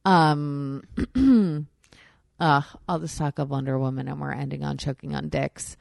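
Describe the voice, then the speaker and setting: A woman's voice: low voice, unhurried, gravelly, a little mellow, dry recording. A woman hosting a casual podcast chat, rambling and profane, with lots of fillers and restarts, on a close mic. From Long Island, New York. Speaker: podcast host.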